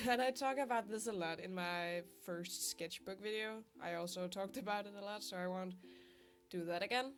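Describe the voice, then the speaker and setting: A young woman talks through her drawing in a sick, stuffy voice, chatty and quick to laugh at her own struggles. Her pitch sits in an ordinary middle range. Soft guitar plays faintly behind her. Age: young adult. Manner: chatty, self-deprecating, laughs often. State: sick, congested voice. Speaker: art vlogger. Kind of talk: casual voice-over while drawing. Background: soft guitar music.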